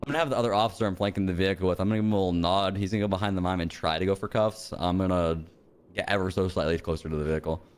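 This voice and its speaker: A man plays a police officer in a role-play game, racing through his plans at high speed. He gets excitable and swears freely. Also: clean tone. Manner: rapid, excitable, profane.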